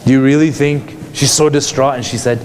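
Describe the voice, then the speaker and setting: A man's voice: medium pitch, steady tone, a little fast, a little mellow, slight background noise. A man giving a conversational lecture to a class, asking many rhetorical questions. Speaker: psychologist teaching a class.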